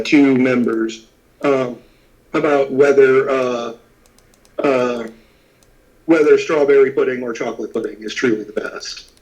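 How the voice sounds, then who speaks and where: A man narrating a tabletop game as game master, with frequent pauses and filler words. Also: mid-range voice, darkish tone, poor audio. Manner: halting, many filler words.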